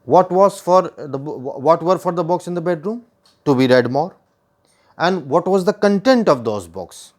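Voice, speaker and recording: A man's voice: fairly high pitch, animated, moderate pace, a little mellow. A man with an Indian English accent, teaching a poem line by line, repeating and rephrasing his points and putting questions to the listener.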